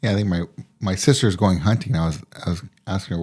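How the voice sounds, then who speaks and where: A man's voice: sits low, fast talker, a little mellow, breathy edge. A man co-hosting a podcast, telling a joke casually, stumbling and laughing at himself. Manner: laughs at own jokes, stumbles and restarts. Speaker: podcast co-host.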